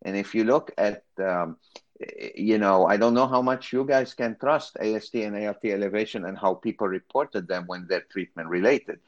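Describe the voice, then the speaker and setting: A man's voice: lowish voice, normal speed, highs cut off. Man with hesitant, filler-heavy speech. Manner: hesitant, many fillers and restarts. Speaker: kidney cancer specialist. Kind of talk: expert panel discussion.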